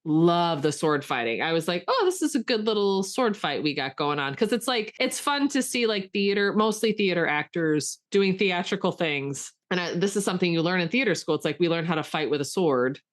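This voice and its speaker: Young woman co-host, lively chatty delivery, slightly low voice. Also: a little fast, hardly any pauses. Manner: animated, acts out quotes with big pitch jumps. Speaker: podcast co-host. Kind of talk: casual chat.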